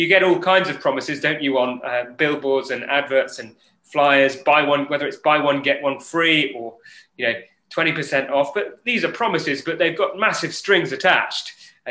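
A man giving a Bible talk over a group call, earnest and halting, with many fillers and restarts. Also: mid-range voice, sharp tone, roomy sound, low-quality recording. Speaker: preacher.

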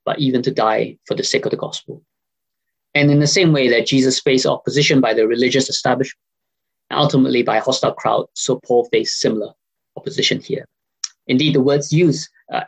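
Gravelly-voiced man preaching earnestly. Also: mid-range voice, poor audio. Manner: earnest, questioning, frequent uh fillers. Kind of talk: sermon over a video call.

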